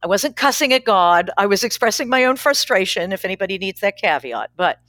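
A woman's voice: medium pitch, expressive, a little fast, fairly bright tone, no echo. A middle-aged woman, a pastor, candidly telling a personal story in an interview, frank and plainspoken with wry humor. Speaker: pastor, guest.

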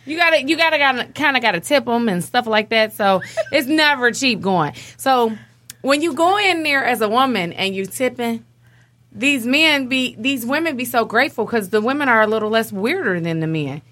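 A woman's voice: on the high side, lively intonation, moderate pace, fairly bright tone. A woman chatting casually with friends, talking bluntly with swearing and frequent laughs. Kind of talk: casual chat.

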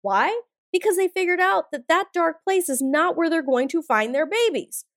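A very high-pitched, expressive woman in her forties hosts a motivational podcast, speaking at a moderate pace in an emphatic, blunt, punchy style full of swearing. The studio recording is dry with no room sound, and faint music plays underneath.

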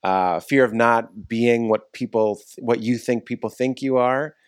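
A man's voice: mid-range voice, steady tone, a little slow, dry recording, clean studio sound. A man, a podcast host, in casual conversation, rambling and restarting his sentences. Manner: rambling, self-interrupting, with frequent restarts.

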